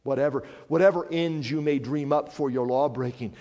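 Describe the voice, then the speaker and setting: A man preaching a sermon as a pastor, swinging from hushed, quiet passages up to loud, emphatic declarations. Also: medium pitch, normal speed. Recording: long hall reverb.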